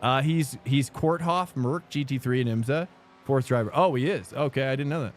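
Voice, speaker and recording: A man's voice: medium pitch, moderate pace, a little hiss or hum. A man streaming sim racing, chatting loosely and rambling as he talks to his viewers. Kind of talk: casual live-stream chat. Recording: streamed over music. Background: background music.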